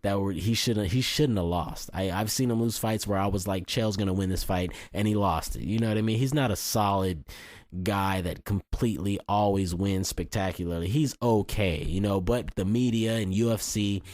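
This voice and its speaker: Deep-voiced, blunt, cocky man. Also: normal speed, darkish tone, no room sound, studio quality. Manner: blunt, boastful and cocky, with frequent restarts and mild swearing. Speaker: fight commentator and video host. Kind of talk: casual opinionated fight predictions.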